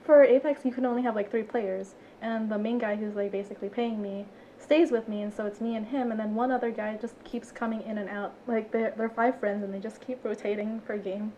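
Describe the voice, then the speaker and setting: A podcast guest in her twenties giggles through a casual chat, animatedly acting out quotes from other people. Her voice is a little high and a little fast, and the rough recording has some hiss or hum.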